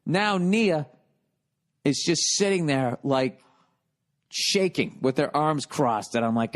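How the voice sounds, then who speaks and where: A man in his forties from the United States, hosting a podcast, telling comedic stories in a profane, animated rant. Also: a little high, a little slow. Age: 40s. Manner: profane, animated, loud when retelling. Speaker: podcast host.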